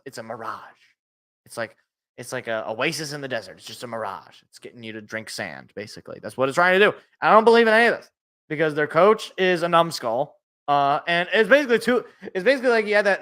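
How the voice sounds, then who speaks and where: A man hosts a solo sports show with a bright, forceful voice set a bit high. He rambles, stumbles over his own words, and talks in an animated, self-interrupting way. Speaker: sports podcast host. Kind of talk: casual solo sports rant.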